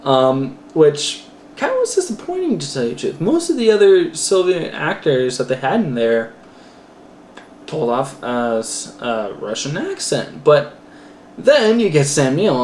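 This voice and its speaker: A man's voice: mid-range voice, very animated, normal speed, a little mellow. A man casually reviewing a film for a class, rambling with many fillers and self-corrections. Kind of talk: casual spoken movie review. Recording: roomy echo, faint background noise.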